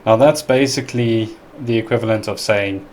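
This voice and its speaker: A man's voice: fairly low pitch, normal speed, slight background noise. A man from South Africa with a South African accent, casually reacting to and translating clips with a chatty, hesitant manner. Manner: chatty, hesitant, laughs easily. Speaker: reaction video host.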